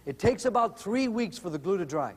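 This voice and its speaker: A middle-aged man telling humorous family stories in an animated way to an audience. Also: fairly quick, husky, in a large hall. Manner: animated, rises in pitch when excited. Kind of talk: humorous storytelling talk.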